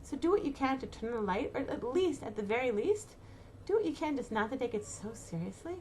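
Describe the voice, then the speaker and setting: A woman's voice: fairly high pitch, big pitch swings, a little fast, darkish tone, a little hiss or hum. A middle-aged woman giving casual spoken advice to mothers, talking with many fillers and restarts and acting out worried inner thoughts. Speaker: inspirational speaker to mothers.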